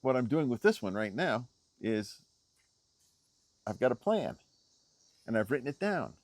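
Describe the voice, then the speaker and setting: Outdoors with a selfie stick, a middle-aged video creator talks straight to the camera in an unscripted motivational vlog, repeating key phrases emphatically and lifting his pitch on stressed words. He's very animated but a little slow, and the recording is dry.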